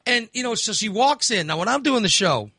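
A man's voice: sits high, lively intonation, a little fast, sharp tone, slightly rough, no echo, studio quality. A man hosting a podcast, telling stories in casual chat with laughs and voiced asides. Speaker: podcast host.

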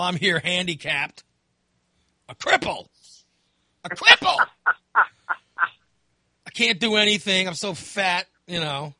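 Bright, high-voiced man ranting. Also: gravelly, no echo, studio quality. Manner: profane, exasperated ranting. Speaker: podcast host. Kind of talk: casual chat.

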